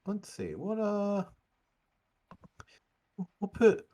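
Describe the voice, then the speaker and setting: A man acting as game master, narrating a tabletop game in an animated, rambling way with frequent fillers. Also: high-pitched, very slow. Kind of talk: running a tabletop game over a live stream.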